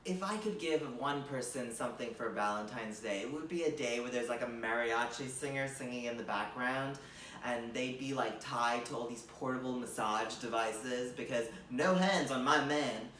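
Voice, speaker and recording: A man of middle pitch tells a comic monologue in a rambling, filler-heavy way, gushing with mock enthusiasm. He sits back from the mic in a reverberant room with a faint hum of ambience behind him. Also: moderate pace, fairly bright tone, far from the mic. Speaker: comedian. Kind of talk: comedic monologue.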